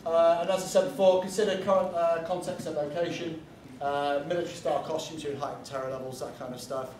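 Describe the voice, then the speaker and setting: A man's voice: fairly high pitch, steady tone, fast, darkish tone, slight background noise. A man giving a casual convention panel talk, chatty and blunt, drifting into asides and the odd swear word. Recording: echoey room from far off, faint ambience.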